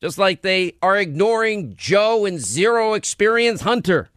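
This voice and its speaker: Male talk show host, high voice, sarcastic, combative, dry studio sound. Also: animated, unhurried, fairly bright tone, smooth, no echo. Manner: combative and sarcastic, rattles off lists. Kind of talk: opinionated radio talk monologue.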